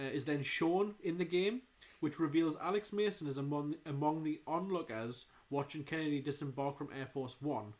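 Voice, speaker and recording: A man with a slightly higher voice co-hosts a podcast. He talks casually and quickly, and keeps cracking jokes. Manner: chatty, jokey, quick asides. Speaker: podcast co-host. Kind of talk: casual chat.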